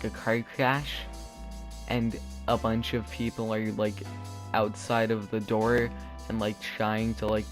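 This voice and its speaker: Young male commentator, sarcastic rambler, mid-range voice, faint music underneath. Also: mid-range voice. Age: teens or young adult. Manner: rambling, sarcastic, with frequent fillers and restarts. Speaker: YouTube commentator. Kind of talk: casual comedic commentary.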